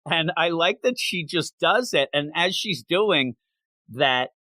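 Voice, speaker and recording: A man's voice: fairly high pitch, animated, slow, sharp tone, no room sound. A man co-hosting a manga review podcast, retelling the story in casual chat and acting out the characters' lines.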